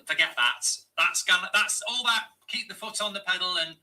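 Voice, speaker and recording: A man reacting to a football match live as a fan channel host, exasperated and swearing, often breaking into shouted rants. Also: sits high, brisk, low-quality recording. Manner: swearing, exasperated, ranting at the game.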